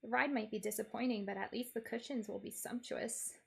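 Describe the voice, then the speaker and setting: A woman's voice: fairly high pitch, steady tone, brisk, gravelly, husky. A woman streamer narrating a game in character, in a wry, playful first-person storytelling manner.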